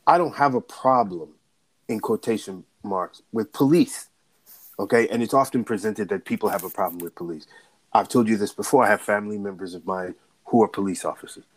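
A man's voice: fairly low pitch, fairly quick. A male legal and political analyst in a frank talk-show discussion. He argues emphatically, stacking rhetorical questions one after another and checking in with the listener. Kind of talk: candid discussion.

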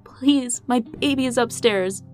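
A woman's voice: on the high side, a little slow, darkish tone, faint music behind, voice pushed up, natural voice. A woman reading the part of a desperate young mother who pleads frantically, her voice cracking. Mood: desperate pleading.

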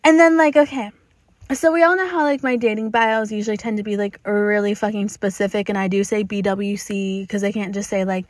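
A woman's voice: mid-range voice, fairly even intonation, fairly quick, dry recording. A young woman hosting a solo podcast from inside a car, talking bluntly with lots of swearing and frequent laughter. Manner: profane, blunt, laughing often. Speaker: podcast host.

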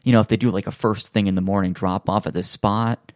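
A man's voice: lowish voice, steady tone, quick pace, dry recording, studio quality. A man in casual chat, telling a long story with lots of fillers and acting out other people's lines.

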